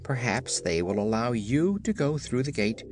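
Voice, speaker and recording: A man's voice: mid-range voice, animated, moderate pace, music in the background, natural voice. A man voicing a proud one-legged male hopping champion in a storybook, in an earnest, formal manner.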